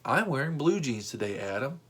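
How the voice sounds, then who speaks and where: A man imitating a calm, nonchalant man who shrugs off being sick, in a flat, unbothered tone. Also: mid-range voice, fairly quick, a little hiss or hum.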